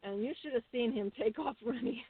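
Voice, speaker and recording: A middle-aged woman telling homestead stories as a guest, chatty and animated with many fillers. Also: on the high side, normal speed, breathy edge, no room sound. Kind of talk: casual interview storytelling. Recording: tinny phone-like call audio.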